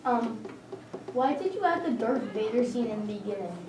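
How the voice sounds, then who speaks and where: A woman's voice: fairly high pitch, animated, moderate pace. A woman in the audience asking short, hesitant questions of a visiting author. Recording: far from the mic in an echoey room with a crowd.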